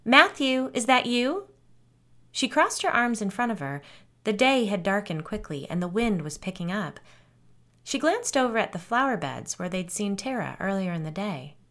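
A woman's voice: mid-range voice, big pitch swings, fairly bright tone. Woman narrating a suspenseful horror tale. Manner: measured, suspenseful storytelling. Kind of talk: scripted narration.

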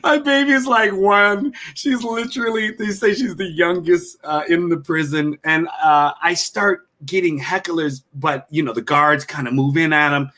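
In a podcast interview, a comedian guest tells stories from his career, animated and laughing a lot as he goes. His voice is a little high, his pace measured, and he hardly pauses at all.

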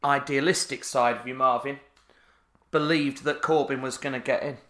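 A man riffs playfully as co-host of a comedy podcast. His voice is bright and mid-pitched. The room adds a noticeable echo. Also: steady tone, moderate pace. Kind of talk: casual comedic chat.

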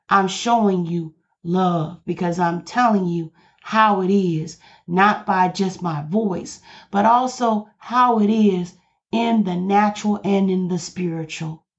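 A woman's voice: lowish voice, slow, highs cut off. A woman pastor preaching on her podcast, passionate and emphatic, repeating key lines for emphasis.

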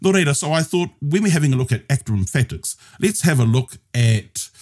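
Here a podcast guest with a New Zealand accent walks listeners through Māori grammar, patient in his explanations and alternating between Māori and English. His voice is a little high and slightly mellow, expressive and fairly quick, in a casual lesson format.

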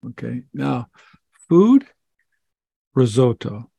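A man answering interview questions in a relaxed, chatty way. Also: medium pitch, slow, vocal fry, slightly rough, no echo. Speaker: guest author.

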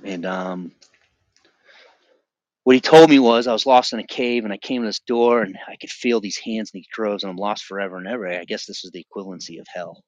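A middle-aged man sharing his personal religious testimony on a podcast, earnest and vivid, often halting and restarting his sentences. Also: lowish voice, darkish tone, no echo, lo-fi sound.

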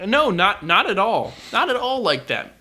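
A podcast co-host in loose, casual conversation. His voice is a touch high and bright with an edge of force. He trips over his words and loops back through restarts and fillers. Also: big pitch swings, normal speed. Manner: stammering, many restarts and fillers. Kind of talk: casual chat.

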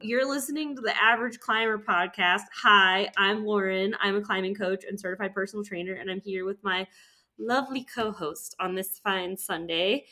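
A woman's voice: medium pitch, moderate pace, pushed and bright. A woman hosting a casual podcast as a climbing coach, jokey and giggly, swearing freely. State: sore and tired.

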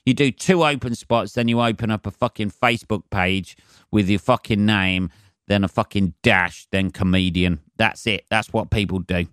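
A man's voice: on the low side, moderate pace, fairly bright tone, clean tone, no room sound, clean studio sound. A man hosting a solo comedy podcast, ranting in a sweary, sarcastic and rambling way. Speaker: podcast host.

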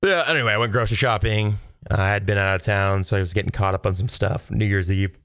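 A man with a lowish, smooth, resonant voice talks straight to his viewers in a loose monologue. He rambles and rants in exasperation, full of "uh" and "I mean". The sound is close and dry, with no room around it. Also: quick pace, fairly bright tone, no room sound. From Texas. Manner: rambling, exasperated ranting with many fillers. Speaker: solo video host. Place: at home.

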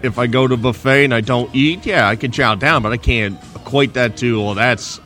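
A man's voice: mid-range voice, a little fast, bright, forceful tone. Laid back guy on a podcast, jokey, little bit of bar music in the back. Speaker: podcast co-host. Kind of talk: casual podcast chat. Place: bar at a resort, indoors. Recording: faint bar music behind.

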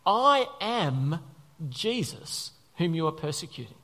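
A preacher voicing a solemn male voice from heaven, speaking slowly and drawing out the words. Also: fairly high pitch, big pitch swings, bright, forceful tone, voice pushed down, full character voice. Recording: long reverb of a large hall.

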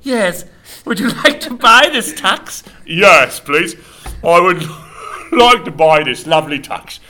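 A man's voice: sits high, very animated, takes it slowly, sharp tone. A man performing an improvised comedy scene in a playful, plummy put-on voice.

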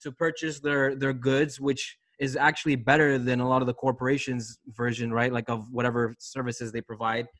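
A man's voice: mid-range voice, level tone, normal speed, few pauses, fairly bright tone. A man co-hosting a podcast, talking casually and rambling with lots of fillers. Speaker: podcast co-host. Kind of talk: casual chat.

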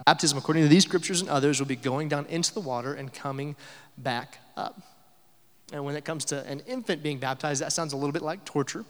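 Young guy pastor giving a sermon, lots of uh's, mid pitch, long reverb. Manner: conversational, with filler uh's and rhetorical questions.

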